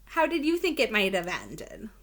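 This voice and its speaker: A woman teacher wrapping up a read-aloud lesson, asking young children gentle questions and giving encouraging instructions. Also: mid-range voice, wildly swooping pitch, normal speed.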